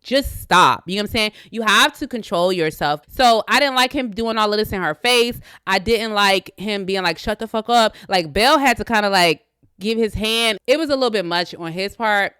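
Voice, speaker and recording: A woman co-hosting a laid-back reality TV recap podcast. Her voice is bright and smooth, with a lively, wide-swinging pitch, and she acts out the people she talks about. The sound is dry and close. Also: moderate pace, no echo. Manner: animated, acts out quotes from the show. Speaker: podcast co-host. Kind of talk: casual reality TV recap chat.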